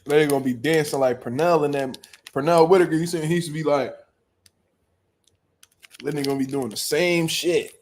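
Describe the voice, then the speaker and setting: A young man, hosting a casual boxing talk stream. His voice sits on the high side, and he jokes loudly and profanely with bursts of laughter. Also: fairly quick, long pauses, slight background noise. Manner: loud joking banter, bursts of laughter, profane slang. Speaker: boxing show host. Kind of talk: casual chat reacting to live chat.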